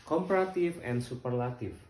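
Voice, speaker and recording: A man with an Indonesian accent, a student teacher explaining English grammar in a halting way, using fillers and imperfect grammar. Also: medium pitch, darkish tone, a little hiss or hum. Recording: echoey room.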